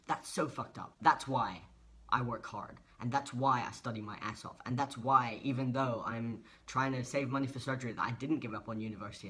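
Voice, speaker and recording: A man's voice: medium pitch, sharp tone. A young man, speaking earnestly and emotionally in a personal vlog monologue. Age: 20s. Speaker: vlogger.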